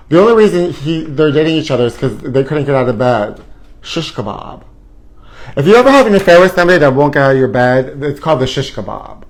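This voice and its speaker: A man's voice: mid-range voice, poor audio. A man hosting a live gossip show, campy and sassy, calling his viewers honey and swinging between theatrical outbursts and asides. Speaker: host. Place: hot indoor studio.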